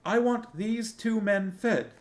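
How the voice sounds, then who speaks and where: A man reading a novel aloud and voicing a small, fiery young princess who speaks in a high, tearful, pleading way. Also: normal speed, darkish tone. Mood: commanding.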